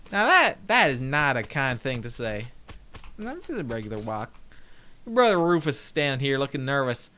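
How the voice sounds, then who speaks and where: Playful young man with a bright voice. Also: a little high, clear, resonant tone. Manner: playful, jokey, laughs often. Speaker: game streamer. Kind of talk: let's play commentary, reading dialogue aloud.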